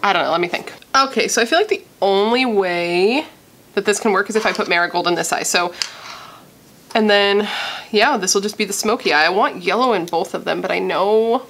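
A young woman from Missouri chatting casually and gushing as she does a makeup tutorial, thinking out loud. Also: mid-range voice, fairly quick, slight background noise. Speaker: beauty vlogger.

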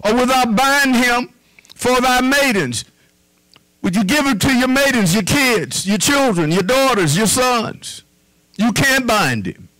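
Male pastor, high bright voice, preaching with hushed repetitions. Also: expressive, measured pace, rough recording. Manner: preaching with repetition, drops to a low hush on "whisper". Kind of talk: sermon.

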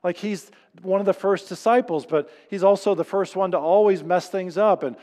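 Man, pastor, conversational sermon, fairly high voice, long church reverb. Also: moderate pace, darkish tone. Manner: conversational storytelling preacher, acts out quoted voices. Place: church sanctuary.

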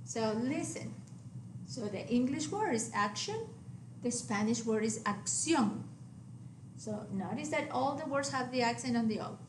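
A woman teaching a recorded Spanish lesson, patient and steady, often checking in with "okay?" and repeating word pairs slowly for her students. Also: a little high. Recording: echoey room, faint background hiss.

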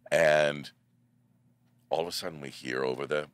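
A man guest on a podcast, telling theater stories in a measured, theatrical way. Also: very deep voice, steady tone, fairly bright tone, clear, resonant tone, no room sound. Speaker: guest actor. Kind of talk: casual storytelling.

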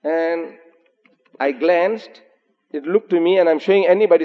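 An older man giving a public lecture as an animated storyteller, slowing down for emphasis and reciting Arabic phrases. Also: fairly high pitch. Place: large hotel lecture hall. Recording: dull, echoey 1980s lecture hall recording.

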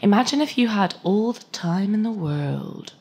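A woman's voice: expressive, normal speed, mellow. Woman doing a silken advertisement voice. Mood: enticing. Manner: smooth, seductive sales pitch.

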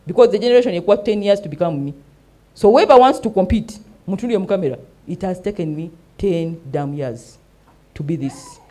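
In a warm, mid-range voice, a middle-aged Ugandan-accented woman gives an animated talk show monologue in her role as host and mentor. She is emphatic, mixes English with Luganda, and keeps tossing in "eh?"

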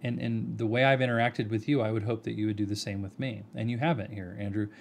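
Low-voiced man arguing earnestly to camera. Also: steady tone, vocal fry, a little hiss or hum. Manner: earnest, argumentative, addresses the other person by name; measured, respectful tone with repeated rhetorical questions. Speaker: video commentator. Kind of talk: direct-to-camera video response.

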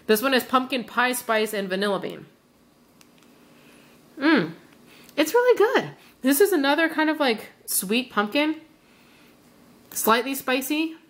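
A woman's voice: high voice, a little slow, long pauses, fairly bright tone. Chatty woman rambling through a haul. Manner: chatty, rambling, enthusiastic, lots of fillers. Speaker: vlogger reviewing wax melts. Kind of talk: casual haul vlog.

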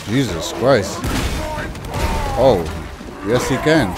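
A young man playing a video game, commenting with loud, exasperated reactions and slang. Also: fairly low pitch, lively intonation, measured pace. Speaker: gaming youtuber. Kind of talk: let's play commentary. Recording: commentary over clear game music.

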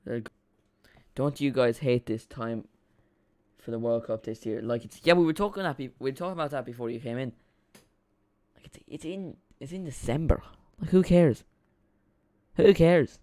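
A young man streaming a football watch-along, rambling and excitable as he chats with his viewers. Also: mid-range voice, moderate pace.

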